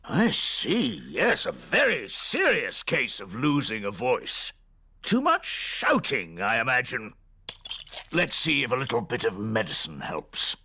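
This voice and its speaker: An actor playing a calm, dry-witted male bear doctor in a cartoon, with an unhurried bedside manner. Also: mid-range voice, vocal fry, breathy edge, heavily acted.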